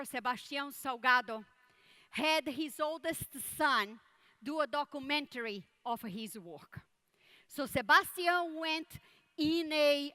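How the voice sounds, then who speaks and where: Slow, bright-voiced woman giving a keynote. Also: high-pitched. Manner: measured, deliberate, repeats words for emphasis. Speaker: conference keynote speaker. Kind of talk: keynote speech with storytelling.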